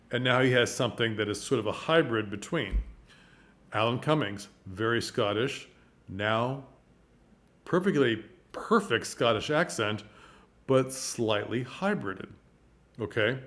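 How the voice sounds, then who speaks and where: A man giving casual, emphatic advice on stage acting to camera, often stopping to check in with the listener. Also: mid-range voice. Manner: emphatic, keeps checking in with "okay?". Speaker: theatre acting teacher. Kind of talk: casual teaching talk to camera.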